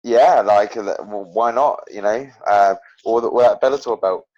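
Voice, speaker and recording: A young professional fighter, appearing as a guest in a casual interview, rambles through animated stories full of fillers and restarts. His voice is fairly low at a moderate pace, on dull lo-fi podcast audio.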